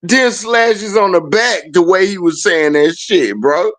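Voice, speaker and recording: A man's voice: high voice, a little slow, a bit bright. A man hosting a casual chat, telling stories animatedly and laughing often.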